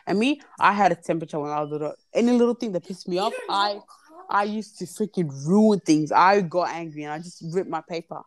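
A woman's voice: lowish voice, fairly quick, no echo. A young woman guest chatting on a podcast, telling a story animatedly and swearing freely. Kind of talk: casual chat, storytelling.

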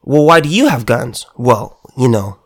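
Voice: medium pitch, sing-song, a little slow. A political commentator delivering a heated monologue, emphatic and sarcastic, often stumbling and restarting words.

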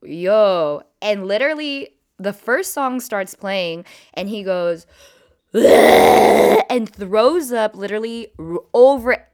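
A young adult woman recounting a wild night out for her viewers. Her telling is animated and chatty, packed with "like" and "you know" as she jumps from one moment to the next. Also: mid-range voice, unhurried. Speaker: vlogger. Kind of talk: casual storytime.

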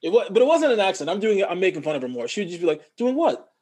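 A man from Montreal, an actor and guest in a casual interview, telling stories in an animated way and mimicking other people's voices. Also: sits high, rapid-fire, slight background noise. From Montreal, Canada.

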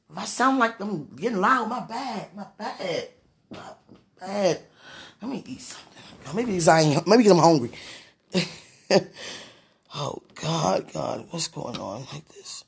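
A young woman vlogging from her bed in a casual confessional chat to viewers, sighing and muttering dramatic pleas to God, swinging between murmurs and loud outbursts. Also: fairly low pitch, animated, unhurried, gravelly.

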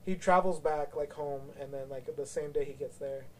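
A man's voice: a little high, fairly even intonation, normal speed, darkish tone, slight background noise. A man chatting casually on a podcast, rambling with lots of fillers and swearing. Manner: rambling, profane, many fillers. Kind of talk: casual chat.

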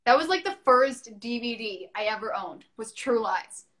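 A woman's voice: fairly high pitch, animated, moderate pace, a bit bright. A woman hosting a casual chat, chatty and enthusiastic, laughing often.

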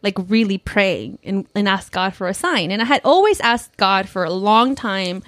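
A young woman telling a personal story on a podcast, loose and rambling, with "like" in nearly every sentence. Her voice sits at a middle pitch for a woman. The sound is close and dry, with almost no room around it. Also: expressive, moderate pace, fairly bright tone, no echo. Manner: rambling, heavy use of "like", emotional.

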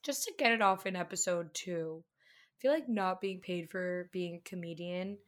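A woman's voice: fairly low pitch, moderate pace, a bit bright. A young woman from the northern US co-hosting a podcast in casual chat, chatty and self-deprecating, laughing often. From northern United States. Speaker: podcast co-host.

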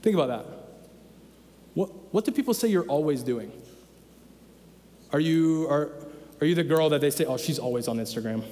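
A man's voice: fairly high pitch, moderate pace, pauses often, dark tone. Emphatic male pastor in an echoing hall. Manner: conversational, emphatic, repeats key phrases. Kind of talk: sermon. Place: church sanctuary.

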